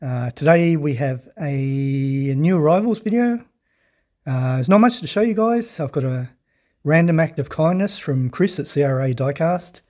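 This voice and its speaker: Croaky Australian man chatting about toy cars. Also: a little high, a little slow, dark tone. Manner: rambling, friendly, many ums and uhs, throat clearing. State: hoarse, croaky from illness. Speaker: diecast collector vlogger. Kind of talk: casual show-and-tell vlog.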